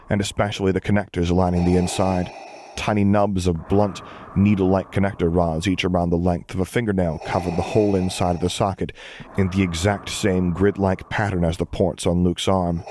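A man with a deep, low voice narrates a story in calm, measured audiobook style. He reads steadily and evenly. A faint hiss sits under the recording. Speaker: podfic reader.

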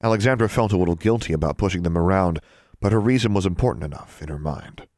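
A man narrating a storybook in a steady, even reading. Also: low voice, quick pace, no echo, clean studio sound. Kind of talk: scripted audiobook narration.

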